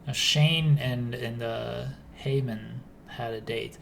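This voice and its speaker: A man co-hosting a casual game stream, pitching ideas in a loose, rambling way with frequent laughs. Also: fairly even intonation, takes it slowly, vocal fry, a bit bright, a little hiss or hum. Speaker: co-host. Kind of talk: casual chat while playing a game.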